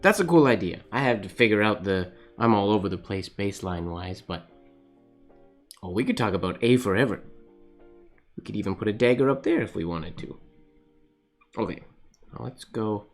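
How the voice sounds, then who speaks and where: A man talks casually while he writes on a live stream, thinking aloud, laughing often and answering viewers as they comment. His voice sits a little low. Soft music plays faintly behind him. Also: expressive, normal speed, pauses often. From Canada. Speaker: calligraphy livestream host.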